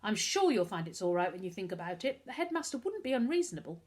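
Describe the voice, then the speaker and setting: A woman reading aloud and voicing a calm, firm middle-aged mother who speaks soothingly with a slight sharp edge. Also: medium pitch, fast talker, lightly acted.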